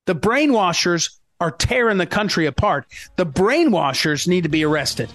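A man hosting a political radio talk show, talking fast and emphatically, often breaking off and restarting. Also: high voice, lively intonation, a bit bright, no room sound. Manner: fast, emphatic, self-interrupting.

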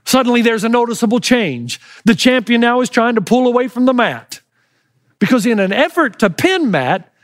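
High-voiced pastor telling a lively story. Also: male voice, dry recording, studio quality. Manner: animated storytelling, shouting out quoted cheers. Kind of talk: sermon.

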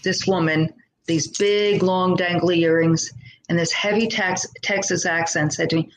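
Speaking at a normal pace with a steady, fairly low voice, this middle-aged podcast guest earnestly and thoughtfully recounts her life, now and then imitating the people she quotes. The low-quality recording carries a little hiss or hum. Her talk is conversational storytelling.

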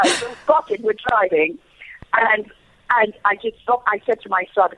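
A woman guest telling a story in an animated way, often repeating words, over a tinny phone line. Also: mid-range voice, moderate pace, no room sound. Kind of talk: lively storytelling on a call.

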